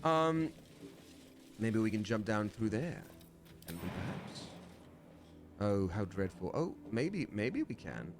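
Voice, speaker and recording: A man's voice: on the low side, sing-song, takes it slowly, long pauses, faint music behind. A man streaming a fantasy video game, chatting casually and playfully with viewers. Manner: chatty, playful, jumps into silly voices. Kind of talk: casual livestream gaming commentary.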